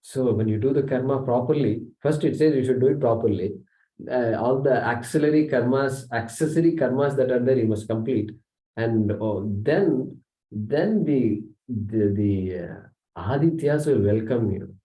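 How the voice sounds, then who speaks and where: A man's voice: medium pitch, normal speed, warm tone. A man teaching a scripture class, explaining step by step, reciting verses and often saying "okay". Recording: echoey room, mic distant.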